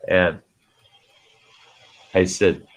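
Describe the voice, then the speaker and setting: A man hosts a relaxed campfire-style chat and spins long, rambling anecdotes. His voice is very deep and gravelly with a husky edge. He takes his time, acting out other people's lines as he goes. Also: very slow. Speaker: host. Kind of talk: casual campfire storytelling chat.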